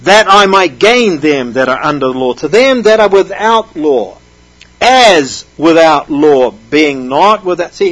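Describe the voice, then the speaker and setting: Husky-voiced man preaching emphatically. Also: a little high, rough recording. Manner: emphatic, reading scripture aloud and explaining it. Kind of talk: sermon.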